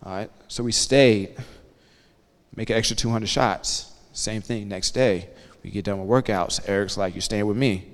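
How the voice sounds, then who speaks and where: A man in his thirties giving a motivational talk to students as a guest speaker, telling lively stories and often checking in with the audience. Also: lowish voice, measured pace. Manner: energetic storyteller, checks in with the audience. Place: campus hall. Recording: long hall reverb.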